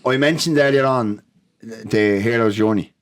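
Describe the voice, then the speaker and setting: A man's voice: lowish voice, moderate pace. A man with an Irish accent, co-hosting a film podcast in casual chat, repeating words and often asking "do you know what I mean". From Ireland. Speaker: podcast co-host.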